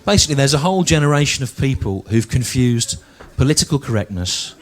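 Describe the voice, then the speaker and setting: A man in his forties from the English Midlands, performing stand-up comedy in a dry, deliberate way with frequent repetition. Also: mid-range voice, expressive. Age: 40s.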